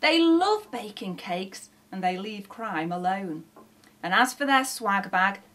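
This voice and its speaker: A woman's voice: mid-range voice, expressive, slow pace, a bit bright. A woman, a teacher reading a rhyming children's book aloud in a sing-song storytelling manner.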